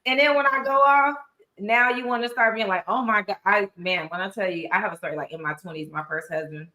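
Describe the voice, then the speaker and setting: A woman in her thirties co-hosting a casual chat about a reality show, telling stories animatedly and acting out quotes with big pitch jumps. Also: fairly even intonation, quick pace, pushed and bright. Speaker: co-host. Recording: echoey room.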